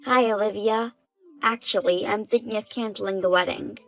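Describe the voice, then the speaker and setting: A young bride-to-be voiced by a woman talks in a smug, untroubled way. Nothing seems to shame her. Soft music plays behind. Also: mid-range voice, steady tone, normal speed, natural voice, poor audio. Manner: smug, unbothered.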